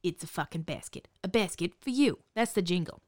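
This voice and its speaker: Brash, profane saleswoman, played by a woman, snarky and dismissive, very animated intonation, improvised sketch. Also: lowish voice, brisk, no room sound, clean studio sound, natural voice. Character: brash foul-mouthed woman hawking hair baskets.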